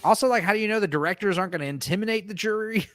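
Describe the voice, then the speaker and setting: Man, podcast co-host, high voice, very dry close sound, animated storyteller who swears freely. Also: rapid-fire, no room sound. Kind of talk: casual chat.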